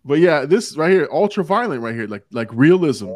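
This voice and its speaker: A man hosting a casual podcast talk about a movie, animated, often acting out quotes in a changed voice. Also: fairly high pitch, normal speed, no echo, studio quality. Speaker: podcast host.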